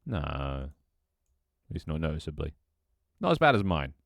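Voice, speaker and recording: A man with a very deep, low voice mutters and thinks aloud while he builds a game level on stream. He swears freely, banters with his chat, and his voice sometimes cracks. The sound is dry and close, with no room echo. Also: sing-song, unhurried, gravelly, fairly bright tone. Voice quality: voice cracks at times. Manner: mutters to himself, swears often, jokes with chat.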